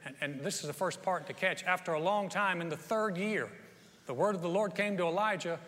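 A pastor with a high-pitched, fairly bright voice preaches briskly, telling a Bible story in a folksy way and acting out the quotes with rising energy. The recording has a long hall reverb.

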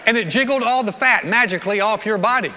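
A middle-aged man preaches in an animated, joking way, acting out the people in his stories. His voice sits high and bright. Long reverb hangs behind him, as in a large hall. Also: quick pace, a little hiss or hum. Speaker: pastor. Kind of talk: sermon.

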